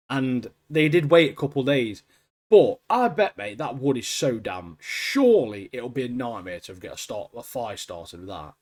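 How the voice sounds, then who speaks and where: A man's voice: on the high side, animated, normal speed, darkish tone. A man, co-hosting a podcast in casual chat, laughing often and calling people mate. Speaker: podcast co-host.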